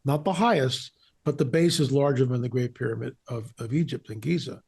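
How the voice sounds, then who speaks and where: A man's voice: medium pitch, a little fast, creaky, darkish tone, breathy edge. A man being interviewed as a researcher and author, talking emphatically and repeating phrases for stress. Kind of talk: interview conversation.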